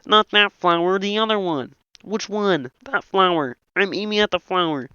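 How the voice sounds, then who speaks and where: A man's voice: high-pitched, normal speed, clean tone, dry recording. A man doing an impression of a nasal puppet frog, reading every part of a film script in that one voice. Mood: frantic. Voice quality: nasal, bright and reedy. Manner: voices all the film's characters in one frog voice. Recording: dull, lo-fi, dry home mic.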